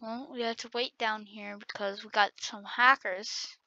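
A woman giving excitable, trash-talking commentary while playing a game on her channel. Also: a little high, unhurried, no room sound. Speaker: gaming channel host. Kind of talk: gameplay commentary. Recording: dull lo-fi recording.

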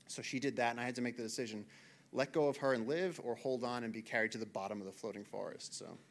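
A man in his thirties from the United States, a naturalist giving an animated storytelling talk to an audience in a lecture hall. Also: medium pitch, quick pace. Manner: animated, acts out shouted quotes.

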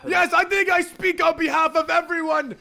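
A man voicing a brash, crude politician in a game role-play, shouting his lines bluntly. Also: very high-pitched, steady tone, normal speed, gravelly, heavily acted.

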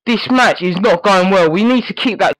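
A man giving excitable live commentary on his own football video game match, yelling reactions at every play. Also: high-pitched, moderate pace, no room sound, low-quality recording. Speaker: gaming YouTuber.

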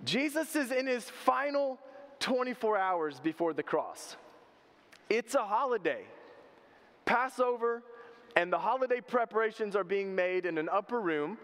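High-voiced preacher. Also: male voice. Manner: animated storytelling with humor. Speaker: pastor. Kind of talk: sermon. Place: church sanctuary. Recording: reverberant church hall.

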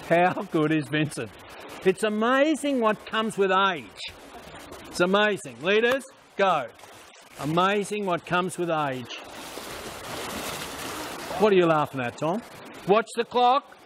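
A man coaching swimmers at a pool, calling out short repeated instructions and quick praise. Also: high-pitched, a bit bright, a little hiss or hum. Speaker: swim coach. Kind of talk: poolside coaching commands.

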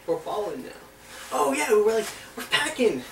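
A man's voice: sits high, big pitch swings, moderate pace, creaky. A man in a middle range trades playful, rambling jokes with his mother at home. His voice carries from a distance in an echoey kitchen. A faint hum stays underneath it. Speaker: son in a family vlog. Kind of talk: casual family banter.

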